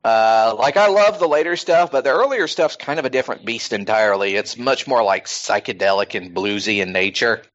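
A man's voice: lowish voice, a little fast, few pauses, a bit bright, dull audio. A man hosting a podcast in casual chat, rambling with plenty of fillers. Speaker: podcast host.

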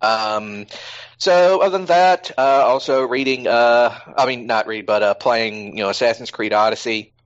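A man's voice: medium pitch, moderate pace, highs cut off. A man hosting a podcast in casual chat, rambling with plenty of fillers. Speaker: podcast host.

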